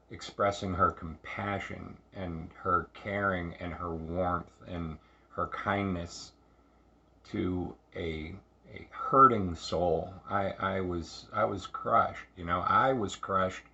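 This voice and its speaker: Man, very deep voice, unhurried, personal storytelling, halting and repetitive, dull lo-fi sound. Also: steady tone, gravelly, pushed and bright. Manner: halting, repetitive, reflective with many restarts. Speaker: speaker sharing recovery story.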